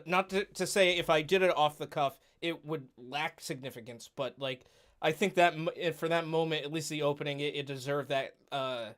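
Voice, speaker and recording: A man's voice: a little high, a bit bright. A man hosting a podcast, speaking earnestly in casual chat, stopping and restarting his thoughts. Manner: earnest, hesitant, full of fillers and restarts. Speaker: podcast host and streamer.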